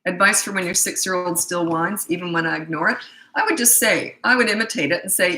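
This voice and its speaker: A woman's voice: medium pitch, fairly even intonation, quick pace, sharp tone, roomy sound, rough recording. A middle-aged woman coaching parents in a casual Q&A, blunt, emphatic and repetitive. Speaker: parenting coach answering viewer questions. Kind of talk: casual live Q&A.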